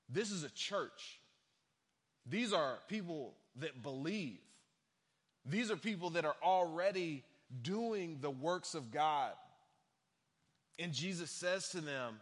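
A young adult man preaching a sermon from a church stage, animated, acting out quotes in other voices. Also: a little high, slow pace, pauses often. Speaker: pastor. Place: large church hall. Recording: long hall reverb.

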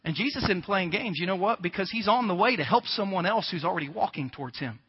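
A man with a high voice preaches a conversational sermon, slipping into quick acted-out exchanges and rising louder to drive points home. The sound rings with the long reverb of a large hall. The audio is slightly dull. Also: lively intonation, slightly rough. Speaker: pastor.

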